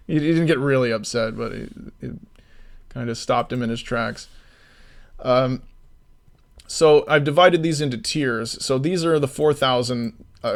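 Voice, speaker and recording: A man in casual livestream chat who swears freely and rants through his stories. His voice sits at an ordinary middle pitch, and he shifts easily into explaining things. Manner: swears freely, animated ranting storyteller; slides into explanatory commentary. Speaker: indie game developer streaming.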